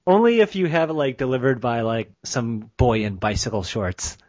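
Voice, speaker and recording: A man's voice: medium pitch, animated, normal speed, no room sound. A man co-hosting a casual, crude comedy podcast, wisecracking and laughing often. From Chicago. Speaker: podcast co-host. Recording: dry, slightly dull lo-fi sound.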